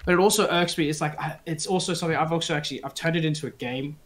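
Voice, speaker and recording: A man with a voice pitched a little high, chatting with friends before a tabletop game. He tells his stories with lively energy and plenty of swearing. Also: very fast. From South Africa. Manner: animated, profane storytelling. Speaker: player. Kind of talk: casual chat.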